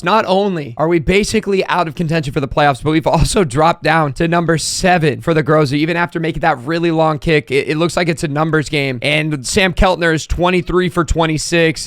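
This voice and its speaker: A young man giving excitable let's-play commentary on a football game, yelling at big moments and talking in casual slang. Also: a little high, dry recording. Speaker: gaming YouTuber.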